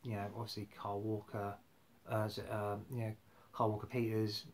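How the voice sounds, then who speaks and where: A man's voice: fairly low pitch, flat delivery, fairly quick, slight background noise. A man rambling casually about football on a live stream, full of fillers and restarts. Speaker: football fan vlogger.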